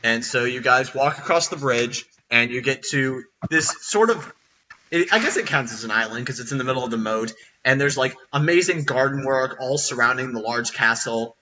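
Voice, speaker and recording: A man running a tabletop game as dungeon master, talking in a halting way with lots of fillers. His voice is bright and sits a little back from the mic, with faint hiss and clicks. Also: medium pitch, far from the mic, rough recording.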